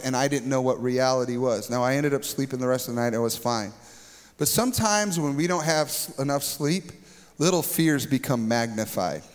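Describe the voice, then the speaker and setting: Animated man preaching in a reverberant hall. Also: fairly high pitch. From Minnesota. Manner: animated storytelling, acts out scenes. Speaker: pastor. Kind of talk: sermon.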